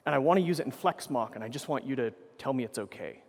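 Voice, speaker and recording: A man's voice: mid-range voice, expressive, fast talker, darkish tone, big-room sound. A man giving a conference keynote, telling rambling anecdotes full of swearing and self-corrections into a stage microphone. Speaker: keynote speaker.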